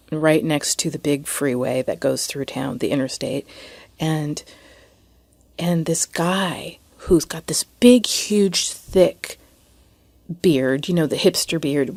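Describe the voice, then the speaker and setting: A woman hosting a podcast, telling a personal story in a hesitant way, with frequent restarts and soft, near-whispered asides. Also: low voice, no room sound. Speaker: podcast host.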